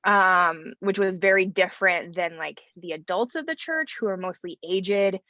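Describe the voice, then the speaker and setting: A woman's voice: mid-range voice, moderate pace, bright, forceful tone, no room sound, lo-fi sound. A woman in her thirties from rural Idaho, a pastor talking casually in an interview, with lots of fillers. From rural North Idaho, USA. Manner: chatty, many fillers and "like". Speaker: pastor and theologian, guest.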